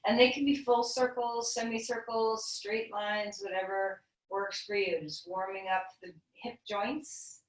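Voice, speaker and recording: A woman leading a guided yoga class, giving calm, gentle, encouraging cues. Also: mid-range voice, measured pace, hardly any pauses. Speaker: yoga teacher. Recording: echoey room, voice from a distance.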